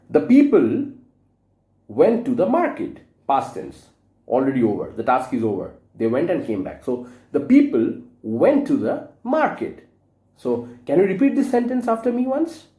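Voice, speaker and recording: A man teaches grammar to young children, spelling out words and coaxing them to repeat after him. His voice is mellow but very lively in pitch. The sound carries the echo of a bare room. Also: normal speed.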